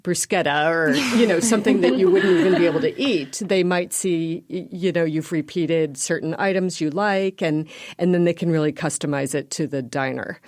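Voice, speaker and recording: A woman's voice: on the low side, normal speed, darkish tone. A woman guest on a food podcast, talking thoughtfully with frequent ums. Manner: thoughtful, with many ums and uhs. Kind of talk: casual podcast chat.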